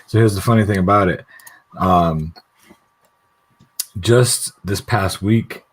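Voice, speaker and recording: A man's voice: deep voice, takes it slowly, breathy edge, low-quality recording. A middle-aged man rambling and laughing in casual chat on a video call, swearing freely. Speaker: guest YouTube creator.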